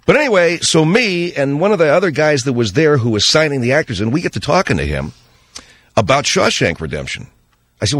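Middle-aged guy radio host telling a story, animated, does little voices, dead dry studio sound. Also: on the high side, brisk, no echo. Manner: animated, quotes people in character voices. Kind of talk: storytelling monologue on talk radio.

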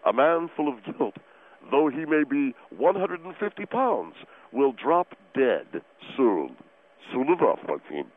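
A man playing a proud, gluttonous man who eats without guilt, talking slowly and preachily over a phone line. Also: mid-range voice, big pitch swings. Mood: preachy. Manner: slow, smug, preachy. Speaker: guest advocate.

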